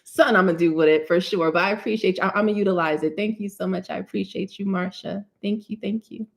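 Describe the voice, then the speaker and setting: A woman's voice: medium pitch, fast talker, vocal fry. Casting note: young New woman, chatty livestream host who laughs easily and answers comments. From Newark, New Jersey. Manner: warm, chatty, laughs often and jokes with viewers. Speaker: cosmetic chemist hosting a live hair-care Q&A. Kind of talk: casual livestream chat, reading comments.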